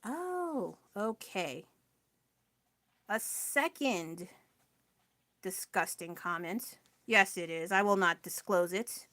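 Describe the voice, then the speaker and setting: Her voice sits at medium pitch with a fairly bright tone and lively intonation, though she speaks slowly and pauses often. A tired young woman painting on a live stream, she chats casually, rambles, drifts off her train of thought and laughs at herself a lot, scattered and self-deprecating.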